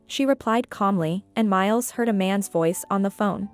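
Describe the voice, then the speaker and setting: A woman narrating a scripted story in an even, measured way. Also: mid-range voice, soft background music.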